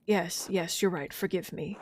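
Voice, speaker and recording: A woman voicing a worried old male abbot, speaking low, hushed and fretful while reading game dialogue aloud. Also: measured pace, slight background noise, lightly acted.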